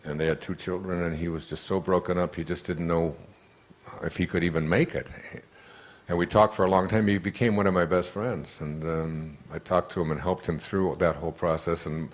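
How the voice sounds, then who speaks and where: An older man with a lowish voice speaking to a live audience in a motivational talk. He tells stories in a meandering, anecdotal way, doubling back and restarting phrases as he goes. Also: steady tone, fairly quick. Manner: anecdotal, rambling storyteller with many restarts. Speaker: author and speaker.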